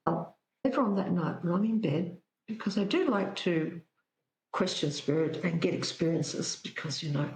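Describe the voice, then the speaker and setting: A woman's voice: fairly low pitch, moderate pace, roomy sound, rough recording. A woman, a psychic guest telling stories animatedly in conversation. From Australia. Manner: animated, tells stories with spoken-out dialogue. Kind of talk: anecdotal storytelling in conversation.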